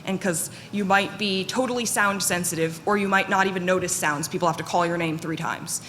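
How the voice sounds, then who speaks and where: A woman giving a live conference talk in a fairly monotone, candid and self-deprecating way, with plenty of fillers. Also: on the low side, brisk. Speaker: conference speaker. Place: conference hall. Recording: echoey hall with faint noise.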